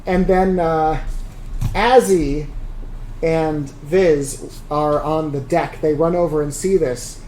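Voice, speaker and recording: A game master narrating a tabletop game in a relaxed, hesitant way with many fillers, recorded in an echoey room with faint noise. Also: medium pitch, slow pace.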